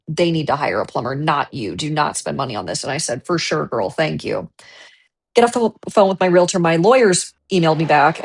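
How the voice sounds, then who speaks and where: A young adult woman streaming, casually retelling a story in an animated way with frequent restarts. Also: sits low, creaky, breathy edge.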